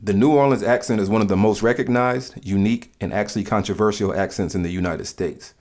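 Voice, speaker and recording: A man narrating in a calm, measured, scripted way, explaining things to the listener. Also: on the low side.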